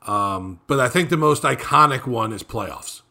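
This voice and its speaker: Male co-host, gravelly bright voice, easygoing sports chat. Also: medium pitch, lively intonation, a little slow. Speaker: radio show co-host. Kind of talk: casual sports talk.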